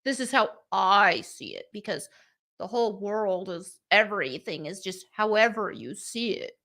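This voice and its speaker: Bright-voiced, blunt woman host. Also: mid-range voice, expressive, moderate pace. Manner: blunt, sarcastic, indignant. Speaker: livestream show host. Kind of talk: opinionated live commentary.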